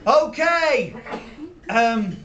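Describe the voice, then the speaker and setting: A man doing a shrill petulant Yorkshire geek. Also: lively intonation, very slow, recorded from a distance, muffled recording, heavily acted. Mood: ranting. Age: 30s. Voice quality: high, shouty, stammering and indignant. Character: nerdy thirty-something male sci-fi fan, petulant. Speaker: comedy character performer. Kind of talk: live character stand-up. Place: small theatre stage with a live audience. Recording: roomy live venue from afar, audience.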